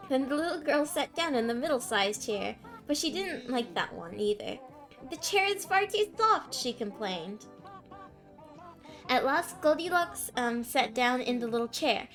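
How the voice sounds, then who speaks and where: A woman's voice: a little high, animated, unhurried. A woman streamer reading a fairytale aloud on a live stream, giggling and stumbling over words between chatting with viewers. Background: faint background music.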